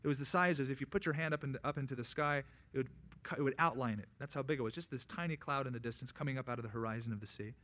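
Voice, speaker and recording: A man preaching a sermon who tells the story vividly, swinging between loud, raised lines and quiet, hushed ones. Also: medium pitch, rapid-fire. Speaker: pastor.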